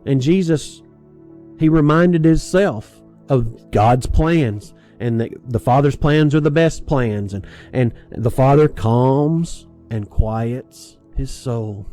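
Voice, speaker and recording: Mellow-voiced man preaching casually. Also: fairly high pitch. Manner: conversational, chuckling, with many restarts and asides. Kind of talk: sermon.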